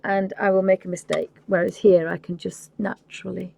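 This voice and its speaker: Woman, live painting tutorial, soft and half-whispered, gravelly, mellow tone. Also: medium pitch, flat delivery, normal speed. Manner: soft-spoken, often dropping to a whisper; rambling, apologetic asides. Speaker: craft channel host. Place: home desk.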